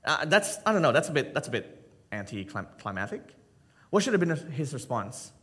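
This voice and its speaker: A man's voice: medium pitch, very animated, a bit bright. A man pastor preaching a sermon, joking with the congregation and acting out Bible scenes and everyday skits. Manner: addresses the congregation with quick asides.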